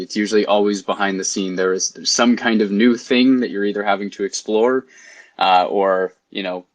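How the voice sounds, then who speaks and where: A man hosting a casual online community session, talking easily with frequent fillers. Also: fairly low pitch. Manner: easygoing, filler-heavy. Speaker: community developer and host. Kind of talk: casual online panel talk.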